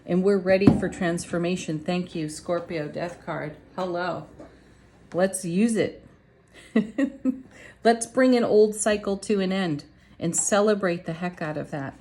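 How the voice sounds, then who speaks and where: A woman's voice: lowish voice, unhurried, warm tone, slight background noise. A woman reading tarot cards to her viewers in a casual, chatty, upbeat way. She laughs often and talks straight to her audience. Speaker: tarot reader.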